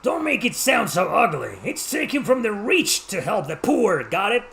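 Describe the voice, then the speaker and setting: A man's voice: high voice, big pitch swings, vocal fry, fairly bright tone, voice pushed up, heavily acted. A man with a Mexican accent reading a game's lines as a boastful male thief-gang boss, drawing the words out theatrically. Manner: drawn-out, theatrical, raised voice.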